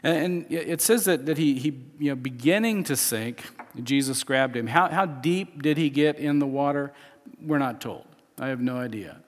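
A man's voice: medium pitch, normal speed. Man preaching in a reverberant hall. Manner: conversational preaching with frequent restarts and chuckles. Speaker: pastor. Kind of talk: sermon.

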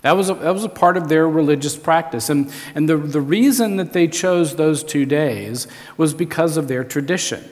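A man preaches to his congregation in a relaxed, conversational sermon style, often repeating a word before he finishes a thought. His voice sits a bit higher than most men's. The recording carries a long reverb tail, as in a church hall. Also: moderate pace. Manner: conversational, repeats words as he restarts. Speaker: pastor.

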